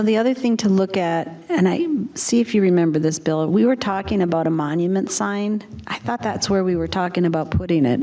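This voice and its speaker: Brief: female council member, low-ish voice, casual conversational tone in meeting. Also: warm tone. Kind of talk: council discussion. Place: council chamber.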